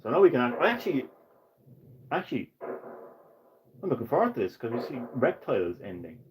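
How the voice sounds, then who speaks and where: A young man hosting a gaming livestream, giving live play-by-play commentary full of profane trash-talk and excitable jokes. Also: mid-range voice, background noise. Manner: brash, profane trash-talk aimed at the game; excitable, jokey, sometimes rushes his words.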